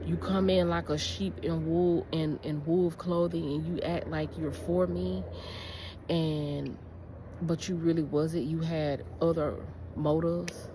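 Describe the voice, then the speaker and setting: A young woman talks casually into her phone in a park, circling back over the same points. Her voice sits very low. Outdoor noise is clearly heard under her voice. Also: fairly even intonation, a little slow. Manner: rambling, repeats herself, drops to a whisper when people pass. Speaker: vlogger. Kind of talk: casual vlog talk to camera.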